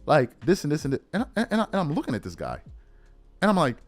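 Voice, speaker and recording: A man's voice: fairly high pitch, huge pitch swings, fast talker, faint music behind. A man delivering a heated, indignant commentary monologue as a YouTube commentator, emphatic and given to repeating words for stress.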